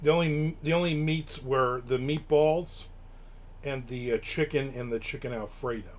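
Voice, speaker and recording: A man's voice: mid-range voice, normal speed. A man from Newark, hosting a live stream and telling rambling, casual stories with offhand swearing. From Newark, New Jersey. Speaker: show host.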